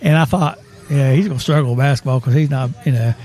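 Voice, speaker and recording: A man's voice: mid-range voice, fast, a little mellow. A man hosting a casual sports talk show, rambling and chuckling as he tells stories. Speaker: host.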